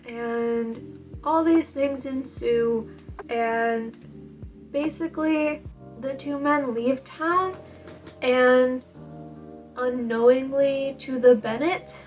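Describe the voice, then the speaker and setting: Animated young woman reviewing a book. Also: high voice, slow. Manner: animated, slangy and emphatic. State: tired. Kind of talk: casual book review vlog. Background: faint background music.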